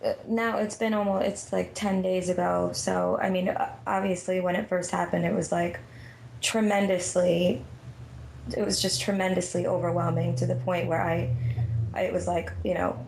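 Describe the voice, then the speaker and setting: Low gravelly nervous lady lying down, flat voice, echoey room. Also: a little hiss or hum. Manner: halting, repeats words. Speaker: caller. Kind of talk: emotional phone conversation. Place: lying down at home.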